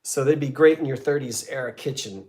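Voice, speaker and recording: A man's voice: medium pitch, fairly quick, noisy background. A man hosting a live online sale, counting down bids and teasing regular buyers in casual chat. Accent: American. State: coughing fits. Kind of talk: live auction selling chat.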